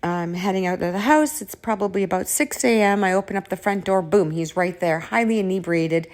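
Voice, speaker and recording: Woman, mid-pitched, casual vlog monologue; blunt, exasperated, profane storyteller. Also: fairly quick. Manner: blunt and profane, frequent swearing; exasperated, animated delivery with restarts. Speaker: vlogger telling a personal story.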